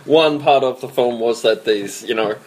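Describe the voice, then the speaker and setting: A man's voice: mid-range voice, moderate pace, poor audio. A man in a casual movie chat, dry and rambling, repeating his points. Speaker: podcast co-host.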